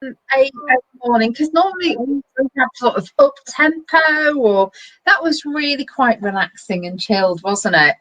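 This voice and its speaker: A woman's voice: high-pitched, lively intonation, unhurried, fairly bright tone, dry recording, dull audio. A woman co-hosting a casual web show, chatting in a rambling way with plenty of fillers. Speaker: co-host.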